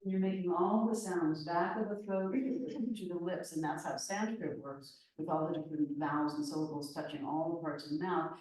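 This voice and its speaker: A woman leading a guided yoga class on chanting and hand gestures, instructing gently with light laughs. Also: fairly low pitch, moderate pace, few pauses. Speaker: yoga teacher. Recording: echoey room from far off.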